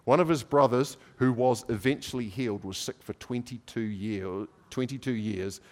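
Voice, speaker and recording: A man preaching a sermon, telling a story with lively swings in pitch and loudness and acting out the people in it. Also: moderate pace. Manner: animated storyteller acting out voices.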